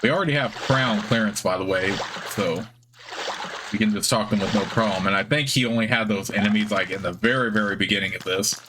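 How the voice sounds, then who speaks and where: Man, let's play host, casual commentary, relaxed, chatty, reading game text aloud. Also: fairly low pitch, brisk, noisy background. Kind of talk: casual gameplay commentary and narration.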